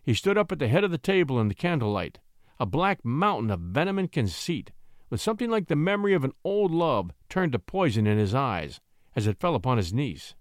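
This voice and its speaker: A man narrating a classic short story in an expressive, theatrical reading. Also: mid-range voice, fairly quick, no room sound, studio quality. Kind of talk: dramatic audiobook reading.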